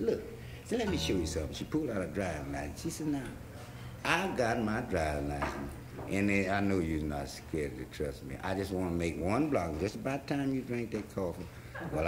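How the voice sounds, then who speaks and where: A man's voice: sits low, reverberant, noisy background. Drawling man telling a blues story. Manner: drawling, loose rambling storyteller. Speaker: blues singer. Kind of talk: talking blues storytelling over guitar. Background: electric guitar playing.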